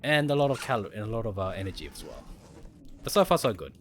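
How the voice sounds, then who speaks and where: A man's voice: on the low side, sing-song, fast, a bit bright, a little hiss or hum. Man thinking aloud over gameplay. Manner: thinks aloud, explains mechanics to viewers. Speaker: gaming livestreamer. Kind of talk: casual gameplay commentary.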